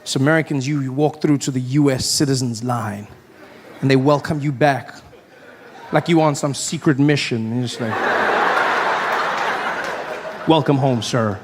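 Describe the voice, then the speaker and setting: A man from South Africa performing a stand-up comedy routine, telling stories in an animated way and acting out other people's voices. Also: medium pitch, normal speed, big-room sound. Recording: live stand-up with audience and venue noise.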